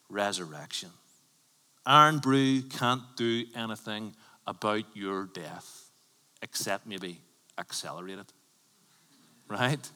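A man preaching a sermon as a pastor, conversational and emphatic, swinging from loud bursts to hushed lines. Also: lowish voice, long reverb tail. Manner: emphatic, conversational preaching with sudden bursts and drops to near whisper. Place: church.

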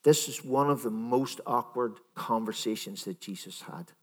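A man's voice: medium pitch, normal speed. Man preaching in a reverberant church. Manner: conversational storytelling, acts out imagined dialogue. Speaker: minister. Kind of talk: sermon.

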